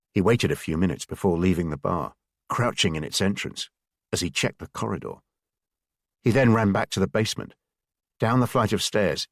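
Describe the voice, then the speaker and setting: Low-voiced man narrating a thriller. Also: no echo, studio quality. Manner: measured, expressive storytelling. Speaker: audiobook narrator. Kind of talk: scripted narration.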